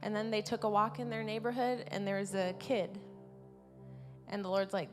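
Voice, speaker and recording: A woman preaching an informal sermon at a church service, earnest and repeating her key words, swelling louder on her main points. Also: medium pitch, steady tone, moderate pace, faint music behind.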